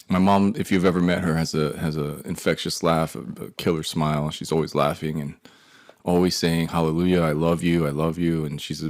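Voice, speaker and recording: A man in his forties telling his own story, his voice very deep and full of gravelly fry. He rambles and swears freely, dropping into muttered asides. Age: 40s. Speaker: artist telling a life story. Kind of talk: profane personal storytelling monologue.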